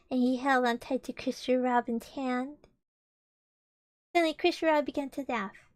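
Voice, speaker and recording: A woman's voice: high voice, fairly quick, a little mellow, no room sound, studio quality. A young woman streamer reading a storybook aloud with casual, chatty and giggly asides between passages.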